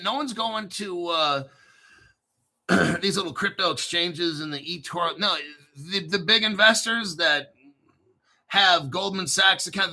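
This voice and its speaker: A man's voice: high-pitched, pushed and bright. A man hosting casual crypto commentary, swearing freely and bantering back and forth with himself.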